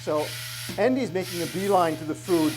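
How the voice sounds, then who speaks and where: A man's voice: high voice, moderate pace, background noise. A man giving a technical conference talk to an audience, hesitant and good-humored, with many fillers and restarts. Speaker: conference speaker. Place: conference room.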